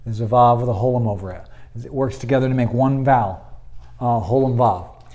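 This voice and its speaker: A man's voice: mid-range voice, brisk, darkish tone. A man, teaching a Hebrew grammar lesson, patient and explanatory, with many fillers.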